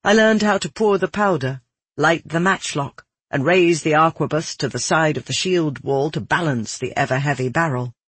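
A man reading a first-person story aloud in a steady, descriptive way. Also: on the high side, normal speed, slightly rough, no room sound. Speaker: audiobook narrator. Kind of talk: scripted first-person narration.

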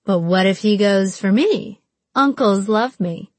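A woman's voice: medium pitch, unhurried, no echo, natural voice. A woman putting on a brash, teasing young woman. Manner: pushy, dramatic, provocative.

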